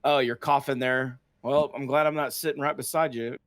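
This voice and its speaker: A man's voice: mid-range voice, steady tone, normal speed, fairly bright tone, no echo, clean studio sound. A man being interviewed after winning a race, answering in an easygoing way with many fillers. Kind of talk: casual post-race interview.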